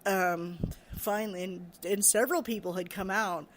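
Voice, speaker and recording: A woman recounting a frightening experience from her care work, halting, repeating words and laughing nervously. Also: mid-range voice, steady tone, a little hiss or hum. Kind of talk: personal storytelling.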